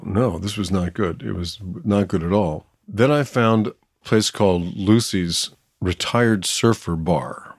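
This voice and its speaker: An older man with a deep, low-pitched voice and a Southern accent tells stories with lively, animated energy, laughing often. His voice is recorded close and dry, with no room sound around it. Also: no echo. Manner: animated anecdotal storyteller who laughs often. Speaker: actor guest. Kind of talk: casual interview storytelling.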